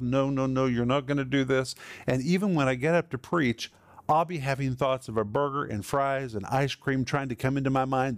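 A man's voice: medium pitch, no echo. A man preaching a sermon as pastor, candid and practical, building points with dramatic repetition.

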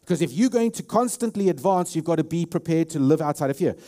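A fast-talking pastor with a South African accent gives a sermon in a fairly high, expressive, mellow voice. He's emphatic and repeats himself a lot, with many restarts.

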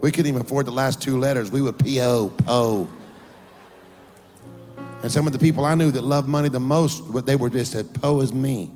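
A man's voice: medium pitch, steady tone, fast talker, few pauses, a little mellow, long reverb tail, soft background music. A man pastor preaching a sermon in church, joking with the congregation, calling for responses, and rising into a sing-song preaching cadence. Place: church sanctuary before a congregation.

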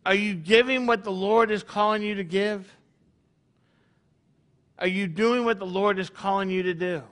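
High, bright-voiced male preacher. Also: steady tone, moderate pace. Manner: conversational, peppered with rhetorical questions. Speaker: congregation leader. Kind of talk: sermon.

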